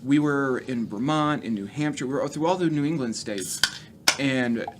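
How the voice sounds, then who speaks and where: Male stand-up guest; bright tone, profane storyteller, faint background noise. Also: medium pitch, normal speed. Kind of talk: casual storytelling.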